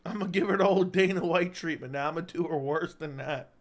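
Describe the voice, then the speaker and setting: A man's voice: on the high side, fast. A young man hosting a live-stream chat, rambling and joking as he reads viewer comments aloud.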